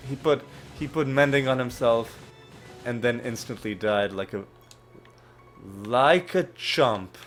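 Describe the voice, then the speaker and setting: A man hosting a let's play talks at an unhurried, drawn-out pace, with a pitch in the middle of the male range. He rants and swears in frustration and stumbles over restarts as he comments on the game. Faint game music plays behind him. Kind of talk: gameplay commentary.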